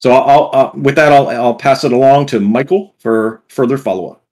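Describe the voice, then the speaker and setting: A man co-hosting a scripture study show, talking through passages in a halting, searching way. He restarts words often and fills pauses with hesitations, at an ordinary mid pitch. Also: darkish tone. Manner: halting, many restarts and fillers. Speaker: podcast co-host. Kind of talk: casual scripture discussion.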